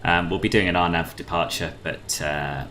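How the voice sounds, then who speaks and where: A man's voice: low voice, fairly even intonation, normal speed, pushed and bright, slight background noise. A man from the UK streaming a flight simulator, chatting playfully with viewers and reading out radio calls. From United Kingdom. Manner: chatty and playful, laughs often, calls people boss.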